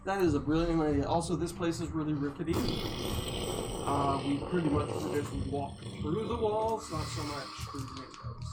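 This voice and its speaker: Higher-voiced guy player explaining the rules, loud music over everything. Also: normal speed, low-quality recording. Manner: explains game rules helpfully. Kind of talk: casual table chat.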